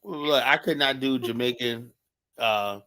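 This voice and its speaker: A man's voice: medium pitch, measured pace, pushed and bright. Emphatic American man, "you know?" habit. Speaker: show host. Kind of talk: casual opinion talk.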